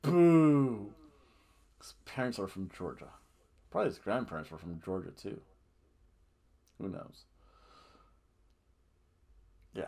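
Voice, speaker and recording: A man talks through a wrestling show in a loose, rambling podcast chat. He gets animated and jokey, laughing at his own asides and booing in mock outrage. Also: deep voice. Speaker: podcast host. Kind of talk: casual wrestling review chat.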